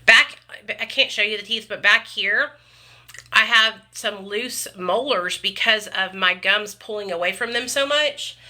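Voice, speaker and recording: Her voice is medium in pitch with a sharp tone and a measured pace as she casually chats with her live viewers. The vlogger calls them honey and baby and leans often on "y'all" and "you guys."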